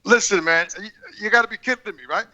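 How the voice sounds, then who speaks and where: Brief: male podcast regular, very high, sharp voice, profane and rambling rants over a video call. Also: fast talker, poor audio. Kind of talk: casual chat, ranting.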